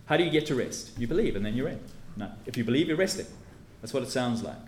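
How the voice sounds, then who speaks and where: Teacherly preacher in an echoey hall. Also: male voice, medium pitch, lively intonation, fast talker, a little hiss or hum. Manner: teacherly, emphatic, stresses key words. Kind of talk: expository sermon. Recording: echoey room with faint ambience.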